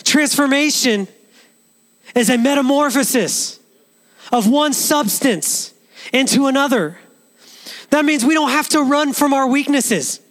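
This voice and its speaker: A male pastor delivers an earnest sermon, often restarting his sentences. His speaking voice sits high for a man. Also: a little slow, long pauses, a bit bright.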